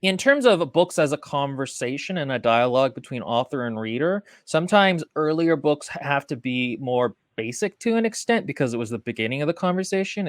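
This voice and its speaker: Analytical podcast co-host, very dry sound. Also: male voice, a little high, dry recording. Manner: analytical, talks in long winding sentences. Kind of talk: casual book discussion.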